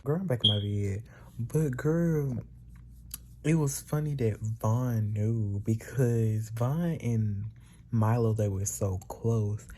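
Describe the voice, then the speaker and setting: A man's voice: fairly low pitch, takes it slowly, dark tone, slight background noise. Gossipy young man telling a storytime. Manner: gossipy, chatty, keeps calling the listener "girl". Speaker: vlogger. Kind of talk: casual storytime.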